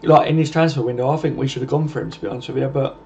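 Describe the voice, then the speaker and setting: A man's voice: medium pitch, steady tone, very fast, creaky, darkish tone, lo-fi sound, a little hiss or hum. A man hosting a casual football livestream, chatting and answering viewer comments in a matey, informal way. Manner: chatty, matey, calls everyone mate.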